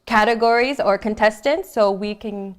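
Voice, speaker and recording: A woman's voice: mid-range voice, normal speed, clear, resonant tone. A woman co-hosting a live stream, reading out group introductions with playful asides. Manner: laughs easily, playful asides. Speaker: livestream co-host.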